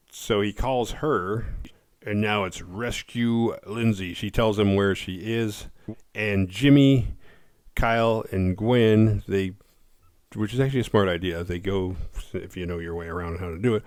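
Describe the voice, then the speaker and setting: A man casually recapping a horror movie's plot, laid-back and profane, slipping into quick voices for the characters. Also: fairly low pitch, no echo, studio quality.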